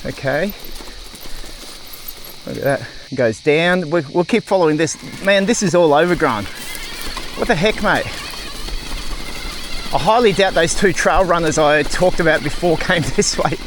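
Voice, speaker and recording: A man's voice: fairly high pitch, a little slow, long pauses, background noise. A man with an Australian accent, a cycling vlogger chatting casually to viewers and himself while riding outdoors, full of exclamations and "mate". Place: rural bush trail, outdoors.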